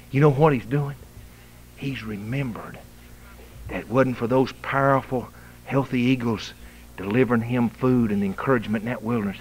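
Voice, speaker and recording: A male pastor preaching a fiery revival sermon in a church, swinging from shouting to hushed whispers, with a Southern US accent. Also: medium pitch, slight background noise, low-quality recording. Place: church sanctuary.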